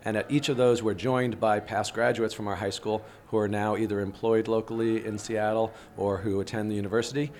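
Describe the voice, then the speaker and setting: A man, a high school teacher, explaining his approach in a steady way during an interview. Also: brisk, few pauses. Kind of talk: interview answers.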